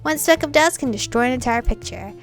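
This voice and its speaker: Woman doing an upbeat young photographer friend, chatty, game read-through, slightly high voice. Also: brisk, faint music behind, natural voice. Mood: friendly.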